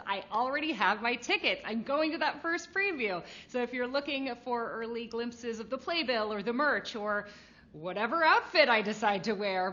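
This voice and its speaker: A woman hosting a live trivia game show, bubbly, animated and playful with jokes. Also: mid-range voice, dull audio.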